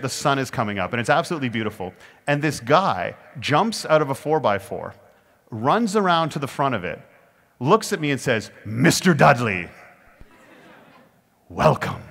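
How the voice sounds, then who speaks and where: A man delivers a comic keynote story to an audience, animated and self-deprecating. His voice sits at an ordinary middle pitch, and he leans hard on timing for laughs. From Canada. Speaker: keynote speaker.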